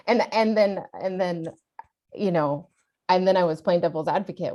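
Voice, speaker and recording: A middle-aged woman co-hosts a podcast and tells a family story in a relaxed, conversational way. She turns animated as she goes, laughing and acting out the people she quotes. Her voice sits low for a woman. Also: normal speed. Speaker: podcast co-host, mother.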